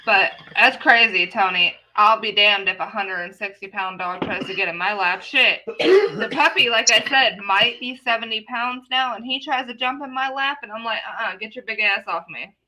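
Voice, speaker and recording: A woman's voice: on the high side, moderate pace, pushed and bright, rough recording. A woman in casual stream chat, telling stories animatedly with lots of swearing. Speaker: co-host.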